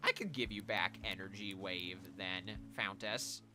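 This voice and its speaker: Over background music, a deep-voiced man plays a video game on stream at a measured pace. He keeps up a chatty, casual commentary aimed at his viewers.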